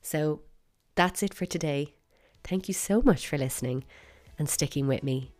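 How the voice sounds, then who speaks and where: A woman's voice: deep voice, normal speed, darkish tone. An Irish woman hosting a solo podcast, chatty and opinionated with playful emphasis. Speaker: podcast host.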